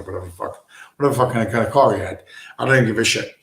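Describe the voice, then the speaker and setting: A man's voice: lowish voice, very fast, creaky, a bit bright. A man hosting a livestream, delivering a blunt, profane, emphatic ranting monologue from a home room. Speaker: livestream host. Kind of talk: ranting monologue on a chill stream. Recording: roomy echo.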